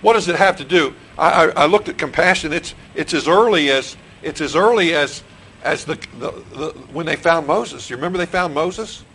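Gravelly-voiced pastor preaching a sermon, a man. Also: on the high side, moderate pace, a bit bright, slight background noise, poor audio. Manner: repeats questions to the congregation, restarts phrases. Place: church sanctuary.

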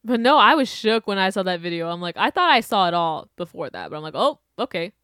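A woman's voice: fairly low pitch, very animated, fast talker, fairly bright tone, clear, resonant tone, dry recording. Sarcastic young woman ranting, dry sound. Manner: sarcastic, laughs often, exaggerated outbursts. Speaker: podcast host. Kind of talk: casual opinion rant.

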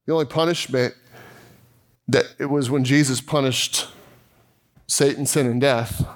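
A man's voice: mid-range voice, steady tone, measured pace. A male pastor preaching a sermon, telling a story in a chatty, self-deprecating way with laughs. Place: church.

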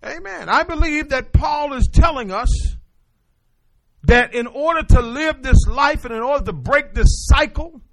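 Male pastor, animated call-and-response sermon, voice pitched high and swinging widely. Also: unhurried, creaky.

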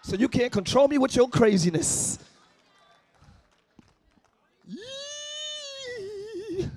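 A man preaching a sermon as pastor, often shouting. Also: very high-pitched, lively intonation, normal speed, a little hiss or hum. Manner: shouting, sing-song preaching with call-and-response. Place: church service, before a congregation.

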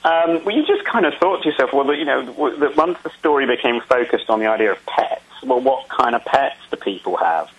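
A man being interviewed about making a film, answering in a casual, halting way with many ums and restarts. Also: mid-range voice, lively intonation, slightly rough, muffled recording.

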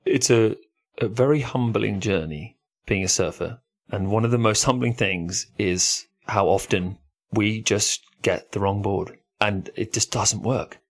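A man's voice: fairly low pitch, a little slow. A man co-hosting a surf podcast, talking things over in a reflective, thoughtful way. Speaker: podcast co-host. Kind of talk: casual chat.

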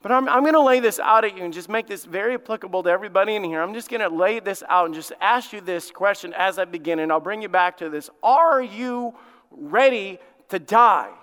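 A male pastor delivering a sermon with emphatic repetition and dramatic pauses. His voice is bright and smooth. The sound carries a long reverb from a church sanctuary. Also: high-pitched. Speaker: lead pastor.

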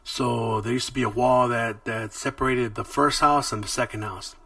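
A man's voice: mid-range voice, fairly even intonation, normal speed, no room sound. Profane, rambling man. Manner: profane, rambling street slang. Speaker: podcast host. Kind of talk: casual storytelling. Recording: distant mic with loud music behind.

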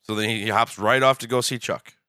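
A man's voice: lowish voice, fairly even intonation, pushed and bright, clean tone, no echo. A young man co-hosting a podcast, chatting casually about a TV episode with dry joking asides. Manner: dry, joking asides, many quick agreements. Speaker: podcast co-host. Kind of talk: casual chat recapping a TV episode.

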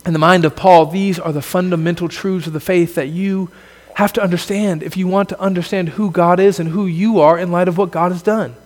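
A man preaching a sermon as a pastor, earnest, building to emphatic exclamations and then dropping low. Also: steady tone, a little fast, few pauses, long reverb tail.

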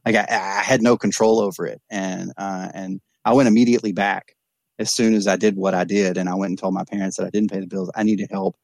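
A man's voice: sits low, little pitch movement, a little fast, creaky, darkish tone, no echo. A man working as an addiction counselor, speaking earnestly and reflectively in a candid podcast conversation, often restarting and repeating words. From East Texas.

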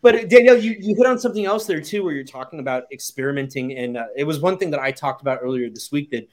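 A man's voice: on the high side, quick pace. A man hosting a podcast in casual chat, talking frankly and swearing now and then. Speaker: podcast host.

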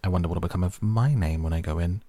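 A man's voice: low voice, quick pace, warm tone, dry recording. A man reading the part of a curious young girl who rambles and muses aloud to herself in a storybook. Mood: musing.

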